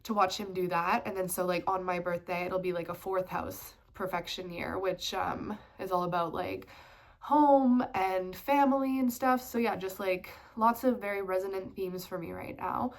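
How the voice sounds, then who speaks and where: A woman's voice: medium pitch, moderate pace. A woman in her twenties with a stuffed-up nose from a cold, talking casually about tarot and astrology in a rambling vlog with many fillers. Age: 20s. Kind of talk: casual spiritual vlog talk.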